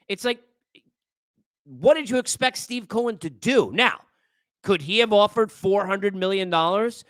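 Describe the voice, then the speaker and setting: Male sports talk host, high bright voice, exasperated lecturing rant, dry close sound. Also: clean tone, no echo. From New York area. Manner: exasperated, lecturing, repeats phrases.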